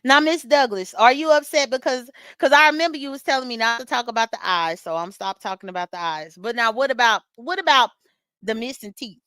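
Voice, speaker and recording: In a brisk, expressive, slightly high voice that sounds pushed and bright, this woman recaps online drama during a casual morning get-ready chat. She laughs often and speaks directly to commenters by name. There's no room sound.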